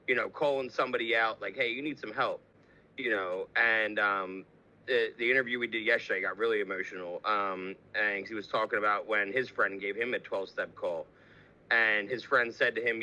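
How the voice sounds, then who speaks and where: Podcast host guy, super bright sharp voice, chill and explaining stuff. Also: fairly low pitch, moderate pace, low-quality recording. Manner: explaining, relaxed with fillers. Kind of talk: conversational interview.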